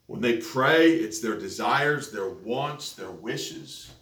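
A man's voice: mid-range voice, animated, slow pace, fairly bright tone. A man preaching a sermon, telling a story and building to emphatic peaks. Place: church sanctuary. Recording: echoey church, distant mic, faint noise.

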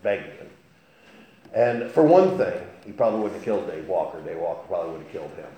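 A man preaching a sermon as pastor, telling folksy stories with an animated delivery. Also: low-pitched, quick pace. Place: church sanctuary. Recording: very echoey church hall.

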